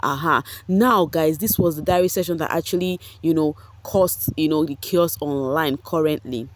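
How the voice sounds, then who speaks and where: A woman giving animated gossip commentary on a reality show to her viewers. She laughs often and drops pidgin exclamations. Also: sits low, normal speed.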